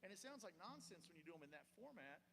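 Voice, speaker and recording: A man's voice: high-pitched, sing-song, fast, vocal fry, in a large hall, noisy background. A man giving a live guitar clinic in a shop, talking in a chatty, encouraging way with lots of fillers. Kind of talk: casual live clinic talk.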